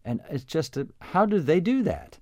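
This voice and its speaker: A man's voice: on the high side, big pitch swings, normal speed, darkish tone, no room sound. A man hosting a radio talk show, chatting casually and rambling with many fillers. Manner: rambling, with frequent fillers and restarts. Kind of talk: casual on-air interview.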